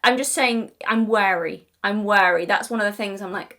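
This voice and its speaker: A woman's voice: medium pitch, normal speed, bright, forceful tone. Chatty, exasperated British woman. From Britain. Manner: chatty and digressive, with frequent restarts and apologies; emphatic and exasperated, with swearing. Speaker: video essayist. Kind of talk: casual commentary to camera.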